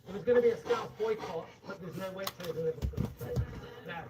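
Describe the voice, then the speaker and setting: Gushing comedian, high-pitched. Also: male voice, fairly quick, recorded from a distance, muffled recording, heavy background noise. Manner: flamboyant, gushing mock flattery. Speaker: comedic host. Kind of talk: comic banter greeting guests.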